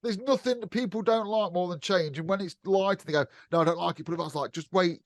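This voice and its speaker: A man's voice: sits high, fast, no room sound. Outspoken British man, dry close sound. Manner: outspoken, sweary, laughs often. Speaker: electrician podcast co-host. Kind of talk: casual podcast chat.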